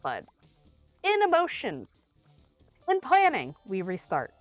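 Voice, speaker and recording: A young woman streaming a game and chatting casually, rambling and playful, with sudden loud outbursts, while she is under the weather. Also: fairly high pitch, wildly swooping pitch, takes it slowly, no echo, highs cut off. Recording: faint music behind.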